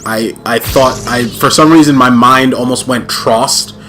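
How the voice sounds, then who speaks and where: A man's voice: medium pitch, fairly even intonation, a little slow, a bit bright, faint music behind. A man hosting a let's play, chatting casually with plenty of fillers and restarts. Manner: rambling, full of fillers and restarts. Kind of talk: casual gaming chat.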